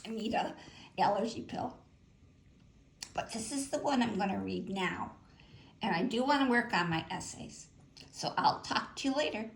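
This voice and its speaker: An older woman talking casually, listing her favorite books in an unhurried way with fillers and short asides. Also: mid-range voice, expressive, vocal fry. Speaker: vlogger sharing favorite books. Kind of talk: casual spoken list.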